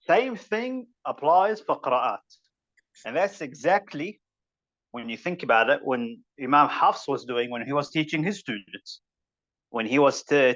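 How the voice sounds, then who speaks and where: Medium-pitched and fairly bright, this New Zealand-accented man comes through on a muffled recording. Teaching tajweed online, he explains things in a loose, wandering style and recites Arabic verses now and then.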